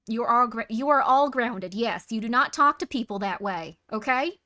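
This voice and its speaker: Streamer lady playing a bossy mom yelling at her kids, kinda high voice, dry close sound. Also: fairly quick, no echo, lightly acted. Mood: scolding. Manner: loud, scolding, bossy. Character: stern scolding mother of naughty kids.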